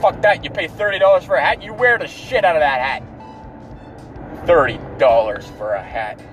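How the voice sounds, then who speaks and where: A man with a high, light voice rants about his day, swearing freely and sounding fed up throughout. He talks from inside a car, with faint music playing in the background. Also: normal speed, a bit bright. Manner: profane, exasperated ranting. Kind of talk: ranting story.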